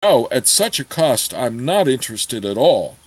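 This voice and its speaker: A man's voice: medium pitch, very animated, measured pace, dry recording. A man voicing a young thief who speaks coolly and firmly. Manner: cool, firm. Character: young male thief, cool and firm.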